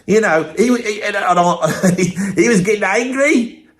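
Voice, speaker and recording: Man doing a brash Brummie braggart, Birmingham accent, high-pitched voice, cocky and mocking, tall-tale teller. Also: lively intonation, moderate pace. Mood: boastful. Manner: swaggering, mocking storyteller.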